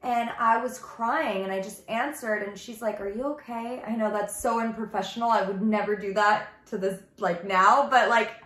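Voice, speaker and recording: A woman's voice: mid-range voice, fairly even intonation, moderate pace, hardly any pauses, a bit bright. Chatty woman, echoey room. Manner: chatty, heavy use of "like", earnest and confiding. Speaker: ministry vlogger. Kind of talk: casual personal testimony vlog.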